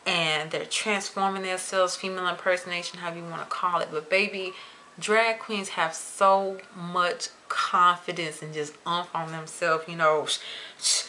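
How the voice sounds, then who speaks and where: A young adult woman vlogging to camera in a chatty, expressive way, stretching words for emphasis. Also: lowish voice, normal speed, a little hiss or hum. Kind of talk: casual chat to camera.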